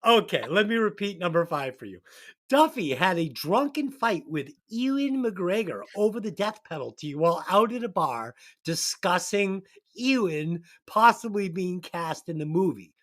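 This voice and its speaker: A man's voice: sits high, big pitch swings, moderate pace, fairly bright tone. A man hosting a casual movie-review podcast, reading out segments in a loose, jokey way and tripping over his own words. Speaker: podcast host.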